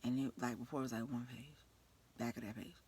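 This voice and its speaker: A woman with a New York accent, a nurse telling an animated, profane story from work with frequent laughter. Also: very deep voice, brisk, slightly rough. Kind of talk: storytime vlog.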